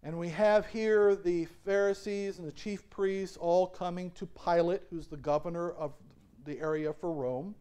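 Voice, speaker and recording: Man, pastor, high-pitched, lively questioning sermon delivery with frequent laughs. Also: unhurried, smooth. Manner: asks the congregation questions and lets them answer. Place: church sanctuary.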